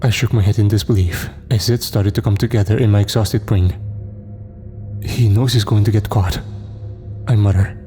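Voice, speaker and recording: A man narrating a first-person horror story in a measured, tense storytelling manner. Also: on the low side, steady tone, warm tone, soft background music.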